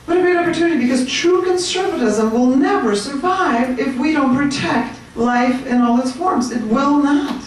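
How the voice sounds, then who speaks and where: Woman talking to a crowd in a big echoey room, mic kinda far off, lively and jokey. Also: high voice, normal speed, few pauses, a little hiss or hum. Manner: animated, chatty, jokes with the audience. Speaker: speaker at a political meetup.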